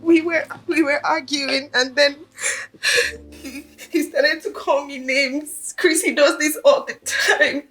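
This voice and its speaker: A woman's voice: extremely high pitch, normal speed, fairly bright tone, faint music behind. An actress with a Nigerian accent playing a young woman who cries and pleads, full of remorse after slapping her fiancé. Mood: sobbing. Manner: pleading, sobbing, repeating herself. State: crying. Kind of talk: film drama acting.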